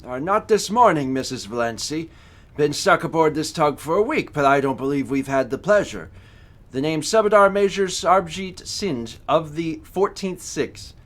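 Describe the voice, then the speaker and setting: A man's voice: on the high side, expressive, moderate pace, voice pushed up, lightly acted. A man voicing a stiff, proud old retired army major who talks formally and keeps correcting others.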